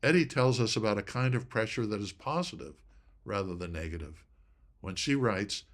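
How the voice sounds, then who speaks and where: A man giving an inspirational teaching talk on studying scripture, speaking deliberately and stressing key words. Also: lowish voice, expressive. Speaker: presenter of a Bible study talk.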